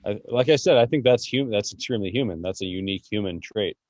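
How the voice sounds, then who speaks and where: Low-voiced man, dry close podcast sound. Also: dry recording. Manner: halting, reflective, many fillers. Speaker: podcast co-host. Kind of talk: casual chat.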